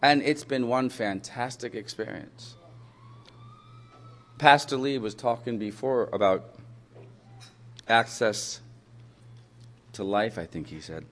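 A man in a mid-range voice tells a personal story to an audience with humor and energy. He swings between loud, excited bursts and quiet, reflective asides. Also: mid-range voice, takes it slowly, pauses often.

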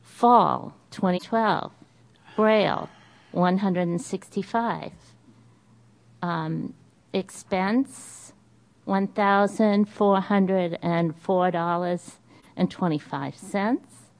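Slow-reading woman with a Boston accent. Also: medium pitch. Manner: careful, deliberate reading of numbers with small hesitations. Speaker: meeting presenter reading a budget report. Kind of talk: reading figures aloud at a meeting.

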